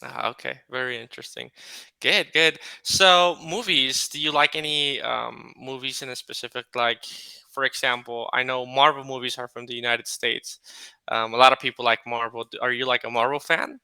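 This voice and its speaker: Male tutor, casual video-call chat, hesitant, smooth bright tone, dry close sound. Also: mid-range voice, fairly even intonation, moderate pace, no room sound. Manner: hesitant, with many fillers. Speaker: English conversation tutor.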